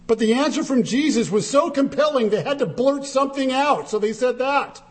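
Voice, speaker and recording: Male preacher, sermon, emphatic, high voice, very lively pitch. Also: brisk. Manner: animated, emphatic, dramatic shifts in pitch when quoting.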